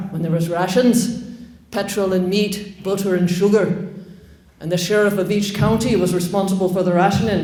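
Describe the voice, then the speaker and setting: A woman's voice: mellow, reverberant. A woman playing a grim old Scottish village woman. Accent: light Scottish. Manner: slow, low and foreboding.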